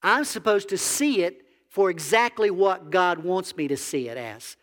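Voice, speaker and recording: A man's voice: sits high, lively intonation, measured pace, fairly bright tone, big-room sound. A man, a biblical counselor, preaching a conversational sermon that asks the audience questions. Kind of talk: sermon to a congregation.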